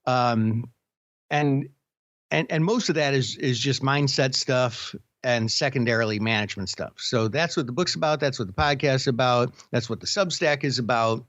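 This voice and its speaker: A man's voice: mid-range voice, moderate pace, fairly bright tone, no room sound, muffled recording. A man co-hosting a casual podcast chat, telling stories with many restarts and fillers. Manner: rambling storyteller with many restarts. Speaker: podcast co-host.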